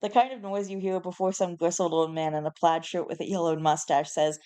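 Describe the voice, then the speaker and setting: A woman hosts a channel where she reads online posts aloud to camera, delivering them with mock-solemn drama and chatty asides. Her voice is low, dark and clean, steady in tone, and she talks fairly quickly with few pauses.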